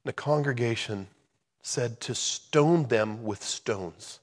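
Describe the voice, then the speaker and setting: A male pastor delivering a sermon with heartfelt, conversational intensity. He talks to the congregation like a friend, pressing his points with real feeling. His voice sits at an ordinary middle pitch for a man. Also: slow pace, long reverb tail. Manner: passionate, conversational preaching.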